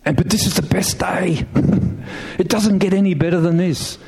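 A middle-aged man preaching a sermon, telling a story with animated emphasis, asking the listeners questions and laughing now and then. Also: high voice, normal speed, creaky. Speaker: pastor.

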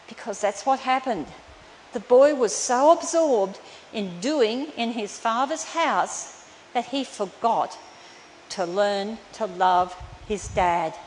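A woman's voice: a little high, animated, slow, darkish tone. A woman preaching a sermon in an earnest, emphatic way that turns tender. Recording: reverberant hall, faint room noise.

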